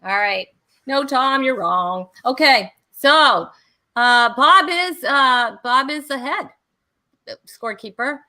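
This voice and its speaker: A woman's voice: high voice, slow pace, bright, forceful tone. A woman hosting an online comedy talk show and running a trivia game, bubbly and laughing often. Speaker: host.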